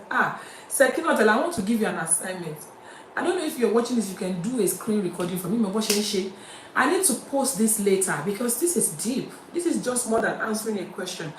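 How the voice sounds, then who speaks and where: A woman's voice: mid-range voice, slight background noise. Nigerian woman hosting a live chat show. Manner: chatty, switches between English and Yoruba. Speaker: host of a live-streamed talk show. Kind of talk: live-stream chat reading viewer comments. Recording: roomy, distant mic with faint ambience.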